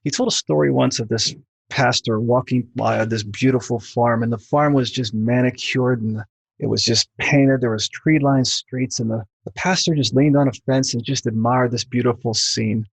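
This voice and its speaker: A middle-aged man, a book author, as a podcast guest telling lively stories and acting out the voices in them. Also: medium pitch, moderate pace, gravelly, husky, no room sound. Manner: animated storyteller who mimics voices in quoted anecdotes. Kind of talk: podcast interview, storytelling.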